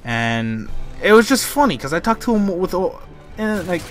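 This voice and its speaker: A man's voice: sits high, big pitch swings, normal speed, soft background music. A young man from Canada, telling a rambling, exasperated story over gameplay commentary. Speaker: gaming YouTuber.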